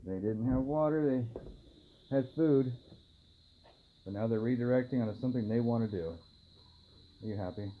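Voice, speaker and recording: A man, a dog trainer, filming a casual vlog at home at night and softly murmuring to calm his dogs between remarks to the camera. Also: mid-range voice, normal speed, pauses often. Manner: soft, soothing murmurs to the dogs. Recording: tinny phone-like audio, faint hiss.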